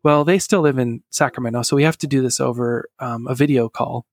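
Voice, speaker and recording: A middle-aged man, a guest on an interview, telling a personal story in an earnest, halting way with soft laughs. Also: medium pitch, steady tone, no room sound, clean studio sound.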